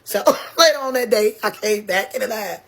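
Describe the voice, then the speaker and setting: A woman telling a story in a casual, animated way, laughing often and swearing freely. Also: medium pitch, moderate pace, vocal fry. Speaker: guest.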